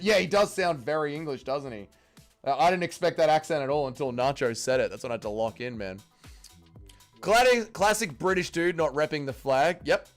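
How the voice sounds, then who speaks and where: A man's voice: on the high side, animated, moderate pace, faint music behind. Crude joking male stream host. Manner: crude, joking, swears freely. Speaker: livestream host. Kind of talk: casual watch-along commentary, reading chat.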